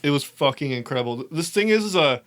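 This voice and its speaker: A young man with a slightly high voice tells a rambling story in casual podcast chat. He is animated and swears freely, and he laughs often as he goes. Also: fast talker. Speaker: podcast host.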